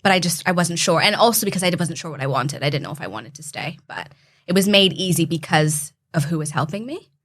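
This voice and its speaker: A woman's voice: on the low side, fast. A young woman from Canada, a podcast guest telling her story in an earnest, heartfelt way. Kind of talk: casual interview chat.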